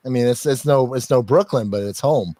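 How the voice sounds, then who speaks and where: Reading contributor bios aloud, this man hosts a casual podcast chat that rambles along with jokes, swearing and laughter. His brisk voice is medium-pitched and warm, with no echo.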